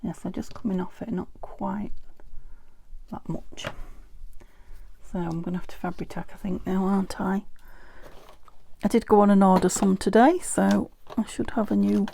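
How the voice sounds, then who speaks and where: A woman's voice: medium pitch, fairly even intonation, moderate pace, vocal fry, warm tone, slight background noise. A British woman from the UK chatting casually while making a craft project, often dropping into a half-whispered mutter to herself. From United Kingdom. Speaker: junk journal crafter. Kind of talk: casual craft vlog chat.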